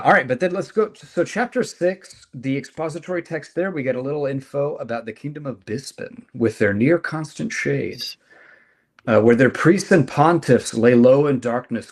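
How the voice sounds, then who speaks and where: A man co-hosting a casual podcast about a comic book, recapping the plot in a steady, matter-of-fact way. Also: mid-range voice. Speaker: podcast co-host.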